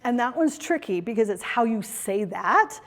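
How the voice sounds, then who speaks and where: Woman trainer talking to a room, a bit high voice, long reverb from the hall, chatty storyteller. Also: expressive, moderate pace. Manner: storytelling, chatty, asks the audience questions. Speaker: corporate trainer and speaker. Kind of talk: live workshop presentation.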